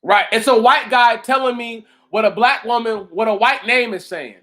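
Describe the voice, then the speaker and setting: A man ranting casually and profanely, mocking someone, often breaking into loud laughter and shouts while a little tipsy. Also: very high-pitched, moderate pace. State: tipsy from drinking. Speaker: commentator reacting to a commenter. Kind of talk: casual reaction rant.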